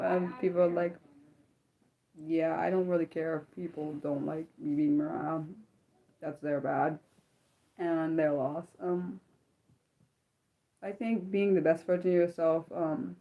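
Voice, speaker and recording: Young woman, livestream host, slightly low voice, rambling and earnest, stumbles and restarts often. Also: dull audio. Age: young adult. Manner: reacts to viewer comments as she reads them. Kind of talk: unscripted livestream chat.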